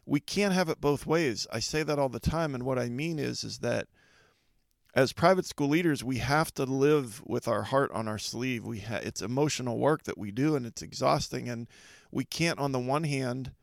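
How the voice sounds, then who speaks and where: A middle-aged man with a gravelly, creaky edge to his voice gives an earnest motivational podcast talk. He speaks slowly and reflectively, pausing often. The sound is close and dry, with no room around it. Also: medium pitch, dry recording. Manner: earnest, reflective, measured delivery with deliberate pauses. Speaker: podcast host.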